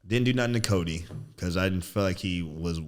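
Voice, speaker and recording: A man in his thirties, a podcast guest, telling a story in casual chat, animated and throwing in "bro" a lot. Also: sits low, a little fast. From United States. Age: 30s. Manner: animated storyteller, acts out quotes loudly, says "bro" often.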